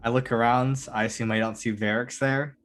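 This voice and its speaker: A man playing a tabletop game, describing his character's actions in a relaxed way. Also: mid-range voice, a little fast. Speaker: player.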